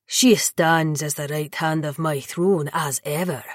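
A woman voicing a proud, scornful male vampire lord who talks low and breathy in old-fashioned speech. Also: fairly even intonation, measured pace, dry recording, clean studio sound. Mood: scoffing.

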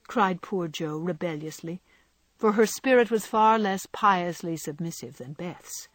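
A woman narrating a novel in a gentle, measured reading style. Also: on the low side, animated, dry recording. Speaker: audiobook narrator.

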